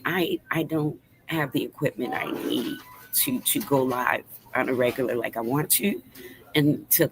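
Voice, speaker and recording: A woman's voice: a bass voice, a little hiss or hum, poor audio. A woman in her fifties hosting a casual livestream. She speaks earnestly and emotionally to her viewers, and her voice trembles with feeling. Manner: earnest, emotional, talks straight to the chat. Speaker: livestream host. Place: fast-food restaurant.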